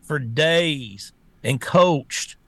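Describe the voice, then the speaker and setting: A man's voice: fairly high pitch, drawn-out words, no echo. A man co-hosting a political talk show, ranting bluntly with many restarts. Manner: blunt, repetitive restarts, animated rants. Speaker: co-host.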